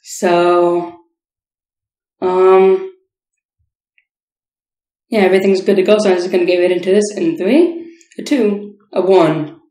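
A woman's voice: on the low side, takes it slowly, pauses often, reverberant, low-quality recording. A woman hosting a reaction video, chatting casually and rambling with lots of fillers. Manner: relaxed and rambling, full of fillers. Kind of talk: casual chat to camera.

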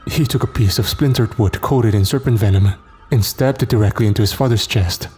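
Low-voiced man narrating horror. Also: a little fast, a little mellow, breathy edge, soft background music. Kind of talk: scripted first-person horror narration.

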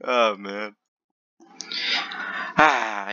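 Bright-voiced guy stammering through slow casual commentary, dry slightly dull mic. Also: mid-range voice, expressive, no room sound. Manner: stammering, swings between screaming and mumbling. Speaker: gaming video creator. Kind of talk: casual commentary while gambling online.

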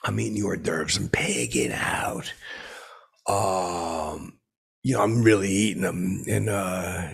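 Gravelly rambling man telling a story. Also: low voice, steady tone. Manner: rambling, halting, belligerent bluster with shouted asides. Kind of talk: rambling comedic anecdote.

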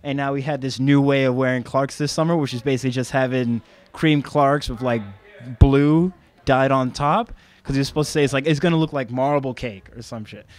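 Young man, mid-pitched voice, blunt, swearing, cheeky casual chat. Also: steady tone, a little fast. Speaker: shop visitor sharing records. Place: record shop in a venue.

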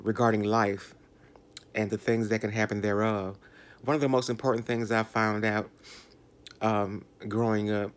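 A man in his sixties with a Southern US accent, talking slowly and reflectively to his channel viewers with many fillers and restarts. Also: lowish voice. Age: 60s. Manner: slow, rambling, with fillers and restarts. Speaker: vlogger. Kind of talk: reflective talk to camera.

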